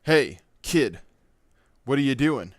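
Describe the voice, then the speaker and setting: A man's voice: medium pitch, very animated, takes it slowly, no echo, clean studio sound, pitched above the performer's own voice. A man doing a cocky teen bully. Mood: hostile. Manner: taunting, swearing, loud.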